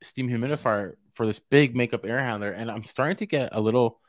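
A man's voice: mid-range voice, brisk, no room sound, clean studio sound. Easygoing man with a mid-range voice. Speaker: podcast co-host, HVAC technician. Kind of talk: casual chat.

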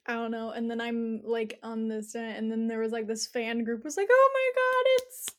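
A woman's voice: a little high, flat delivery, darkish tone. Giggly young woman chatting. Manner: giggly, teasing, quick interjections. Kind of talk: casual chat.

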